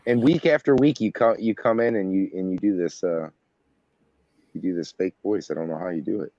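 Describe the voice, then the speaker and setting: A man's voice: sits low, a little fast, dark tone, no echo, muffled recording. A man co-hosting a podcast in casual chat, joking and laughing easily, repeating words as he starts sentences. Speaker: podcast co-host.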